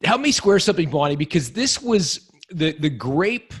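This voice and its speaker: A man's voice: fairly high pitch, sing-song, moderate pace, husky. A man hosting a business podcast, laughing easily and asking clarifying questions. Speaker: podcast host. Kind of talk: interview questions.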